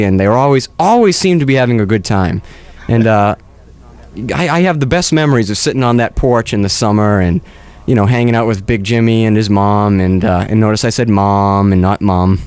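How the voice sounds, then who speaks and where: A man's voice: mid-range voice, darkish tone, clean tone. A man hosting a comedy podcast, rambling through a mock-earnest monologue with many restarts. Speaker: podcast host.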